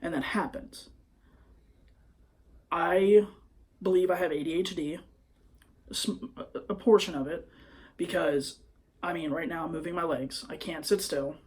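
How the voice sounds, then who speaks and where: A man's voice: a little high, steady tone, a little slow, long pauses. A young man vlogging into his phone, telling a personal story in a hesitant, rambling way full of fillers. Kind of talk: confessional personal vlog.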